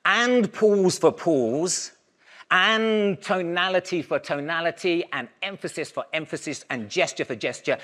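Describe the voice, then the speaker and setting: A man giving a conference keynote, talking in a lively, conversational way and raising his voice to give the audience instructions. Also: on the high side. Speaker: keynote speaker.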